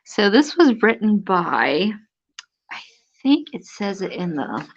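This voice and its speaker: A woman's voice: medium pitch, big pitch swings, slow. A woman hosting a casual live stream, amused and chatty, reading aloud from an old magazine with theatrical emphasis. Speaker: antique book seller hosting a live stream. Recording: dull lo-fi live stream audio.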